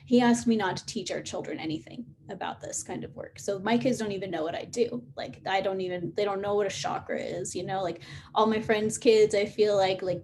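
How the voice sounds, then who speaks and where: A woman in her thirties hosts a casual live-stream Q&A, wandering through her answers with plenty of fillers and restarts. Her pitch sits in a middle range, and a faint background hiss runs under the recording. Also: darkish tone. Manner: rambling, many fillers and restarts. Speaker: host of a live Q&A session.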